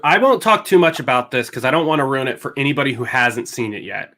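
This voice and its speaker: A man's voice: medium pitch, lively intonation, fast talker, pushed and bright. A young man hosting a casual panel chat over a video call, talking in a chatty way with restarts and jokes, turning earnest when he praises a film. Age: young adult. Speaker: host.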